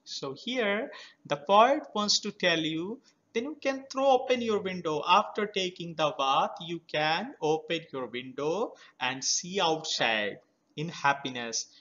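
A man teaching a children's poem, explaining words slowly and spelling them out letter by letter. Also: on the high side, animated, sharp tone. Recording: slightly dull lo-fi recording.

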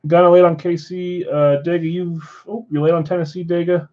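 A man's voice: on the high side, little pitch movement, moderate pace, phone-quality sound. A man at a card shop running a live card break, steadily rattling off names and teams.

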